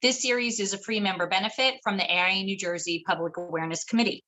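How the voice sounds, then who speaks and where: A woman's voice: mid-range voice, steady tone, quick pace, bright, forceful tone, poor audio. A woman moderating an online webinar, reading formal announcements and learning objectives from a script. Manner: formal, announcing list items. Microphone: video call.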